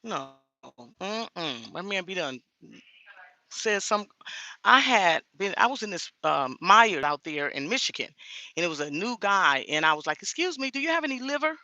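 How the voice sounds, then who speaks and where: A middle-aged woman truck driver talks into her phone camera inside a grocery store, outspoken and animated. Her voice swings widely and has a bright, sharp edge. The sound is close and dry. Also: lowish voice, measured pace, no room sound. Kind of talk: casual vlog chat.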